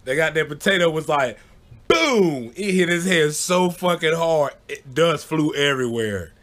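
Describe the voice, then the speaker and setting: A young man telling a childhood story in a relaxed, rambling vlog style, often checking in with "you know what I'm saying" and breaking into laughter. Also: fairly high pitch, moderate pace. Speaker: vlogger. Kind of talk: casual storytelling.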